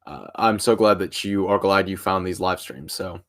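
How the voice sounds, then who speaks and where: A young man talks to viewers on a casual live stream in a somewhat low voice. He sounds tired and rambles loosely, his phrases often trailing off into near mumbles. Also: normal speed. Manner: rambling and informal, trailing off softly at the ends of phrases.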